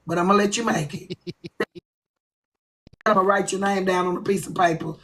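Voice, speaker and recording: Woman livestreamer, blunt, cussing, confrontational rant, bright tense voice. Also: mid-range voice, fairly even intonation, moderate pace, slight background noise, low-quality recording. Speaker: livestream host. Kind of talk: ranting live stream.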